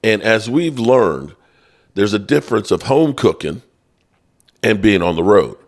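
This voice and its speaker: A man's voice: on the low side, very animated, unhurried. A man hosting a sports podcast, chatty and opinionated, talking straight to his viewers in casual commentary.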